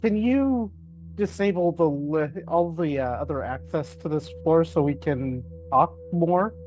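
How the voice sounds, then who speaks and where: A man's voice: on the high side, a little mellow, soft background music, close to an everyday voice. A man playing a hesitant crewman. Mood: asking. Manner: halting, with fillers.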